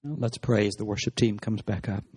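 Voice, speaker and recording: A man leading a church service, talking gently with many pauses and fillers, interviewing a guest and then praying aloud. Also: fairly low pitch, breathy edge. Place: church hall.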